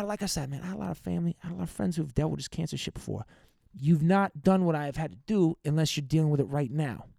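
A young man with a fairly high voice hosts his own podcast and rambles through a profane, heartfelt rant. The sound is dry and close to the mic, with no room around it. He talks casually and now and then breaks off to greet listeners by name. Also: a little mellow, no echo. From United States. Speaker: podcast host. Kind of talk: casual venting monologue.

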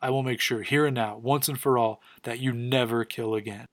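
A man reading the lines of an anguished, commanding older male mentor, raised and forceful. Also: medium pitch, steady tone, moderate pace, no echo, natural voice. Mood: stern.

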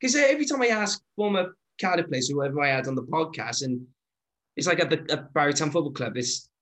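A man's voice: fairly high pitch, expressive, fairly quick, a bit bright. A man hosting a podcast, asking questions eagerly and laughing often. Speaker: podcast host. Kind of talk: casual podcast interview.

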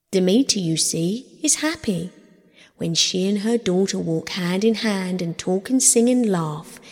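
A woman narrating a myth as a storybook reading, in a gentle, measured manner. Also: medium pitch. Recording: long hall reverb.

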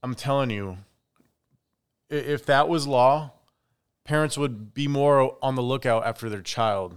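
Young male podcast host, casual solo talk, smooth clear voice, mid pitch, opinionated. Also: a little slow. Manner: chatty, opinionated, animated asides.

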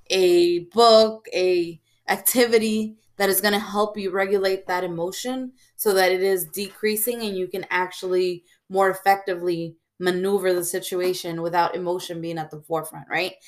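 Woman talking through emotional self-control. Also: lowish voice. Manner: reflective, frequent "um" and "right?". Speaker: podcast host. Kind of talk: casual advice talk.

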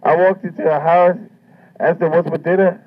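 A man's voice: a little high, level tone, normal speed. A man doing a stand-up comedy routine, brash and swaggering, with heavy profanity. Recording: muffled lo-fi recording.

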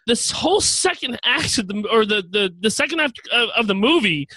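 A man's voice: high voice, lively intonation, normal speed, sharp tone, no room sound. A man co-hosting a casual chat show, talking in loose rambling bursts and often repeating his first words. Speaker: podcast co-host.

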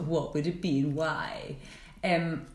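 A woman's voice: low-pitched, fairly even intonation, slow, a little mellow, roomy sound. A Scottish woman chatting casually as a podcast co-host, giggly and a little scattered. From Scotland. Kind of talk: casual chat.

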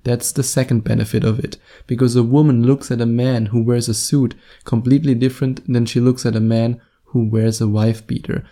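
Gravelly German-accented podcast host. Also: male voice, mid-range voice, level tone, brisk, hardly any pauses, warm tone. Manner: jokey, self-deprecating, emphatic. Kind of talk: casual solo podcast monologue.

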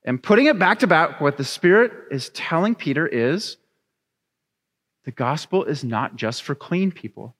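A young adult man preaching a sermon, reading scripture and then telling a chatty, animated story with laughs. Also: on the high side, moderate pace. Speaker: pastor. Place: church sanctuary. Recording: long reverb of a church hall.

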